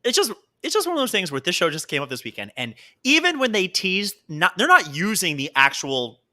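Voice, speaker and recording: Lively bright-voiced man joking around. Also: high-pitched. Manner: animated, jokey, does quick voices. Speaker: podcast co-host. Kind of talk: casual comedic chat.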